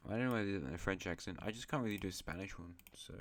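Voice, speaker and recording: A man's voice: deep voice, very fast, fairly bright tone. A man hosting an alternate-history map series, narrating in a rambling, chatty way with self-mocking asides. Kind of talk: casual map-game commentary.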